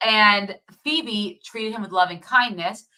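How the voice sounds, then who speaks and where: A woman co-hosting a casual movie review chat, retelling the plot in a lively way and laughing often. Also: medium pitch, slow.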